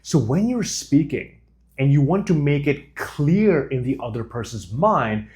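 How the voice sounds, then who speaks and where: Deliberate man coaching with lively intonation. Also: on the high side. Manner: deliberate, with small pauses between phrases. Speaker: communication coach. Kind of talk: instructional monologue to camera.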